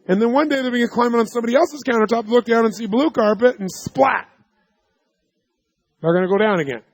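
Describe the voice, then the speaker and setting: A man's voice: very high-pitched, brisk, dry recording. A man giving a live seminar talk, telling stories emphatically and quizzing the audience with yes-or-no questions. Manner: emphatic, storytelling delivery. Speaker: seminar speaker.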